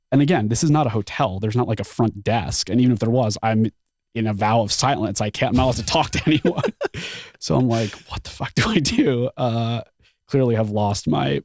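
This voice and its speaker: Guy with a low gravelly voice, rambling story full of "like", dry close mic. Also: dry recording. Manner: animated, frequent "like" fillers, acts out his own thoughts. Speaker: podcast guest. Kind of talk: casual storytelling.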